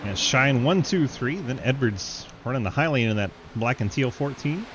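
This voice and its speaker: A man giving live, joking play-by-play commentary on an online race, laughing often and getting excited at crashes. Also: medium pitch, moderate pace, highs cut off, background noise. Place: home setup, online sim race broadcast.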